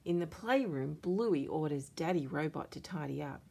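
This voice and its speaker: An Australian woman reading a children's story aloud, slow and expressive. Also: low-pitched, creaky. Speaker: children's book reader.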